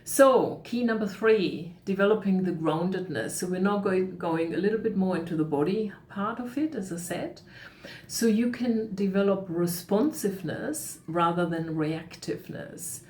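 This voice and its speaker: A middle-aged woman speaking as a coach in a calm, reflective way, sometimes acting out the thoughts in someone's head. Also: medium pitch, moderate pace. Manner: calm, reflective, acts out inner voices. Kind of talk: talk on emotional coaching. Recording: echoey room with faint noise.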